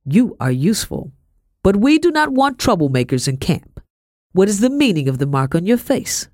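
A woman's voice: medium pitch, big pitch swings, normal speed, a little mellow, no room sound, pitched above the performer's own voice, lightly acted. A stern, formal male army captain , voiced by a woman reader gives orders in short, clipped sentences. The voice sits close to the mic with no room sound.

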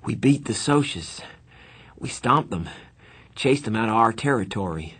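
A man's voice: fairly low pitch, animated, unhurried, a bit bright, slightly rough, full character voice. A man reading a novel aloud, voicing a tough teenage hoodlum who talks with tense, breathless urgency. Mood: forced cheer.

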